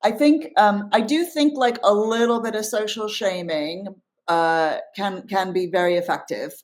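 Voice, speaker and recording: A woman's voice: mid-range voice, a little slow. A middle-aged woman speaking as an interview guest, earnest and reflective, with frequent fillers and restarts. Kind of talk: casual conversational interview.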